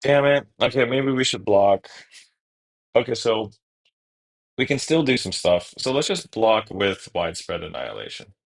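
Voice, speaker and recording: A man streaming a card game, talking through each move out loud in a casual, self-correcting way. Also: fairly low pitch, sing-song, moderate pace, creaky, pauses often, low-quality recording. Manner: thinks aloud through each move, casual, trailing restarts. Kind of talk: live-stream gameplay commentary.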